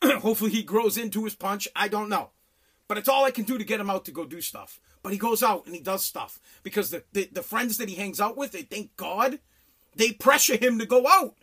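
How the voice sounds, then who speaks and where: A man's voice: high voice, fairly quick, breathy edge. A middle-aged man telling a blunt, profane story in a casual rant. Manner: animated, profane, blunt storytelling with mock voices.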